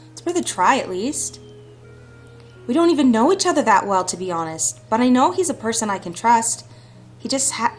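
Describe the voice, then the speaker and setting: A woman's voice: mid-range voice, natural voice. A woman reading aloud the lines of a young heroine who longs to escape her stepmother, in an earnest, reflective way. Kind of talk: reading visual novel dialogue aloud.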